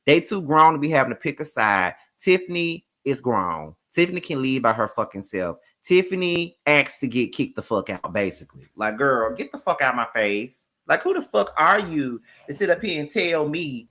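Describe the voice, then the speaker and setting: Sassy, bright-voiced man recapping reality TV. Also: medium pitch, normal speed, few pauses. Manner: animated, profane, sassy retelling. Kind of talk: casual reality show recap.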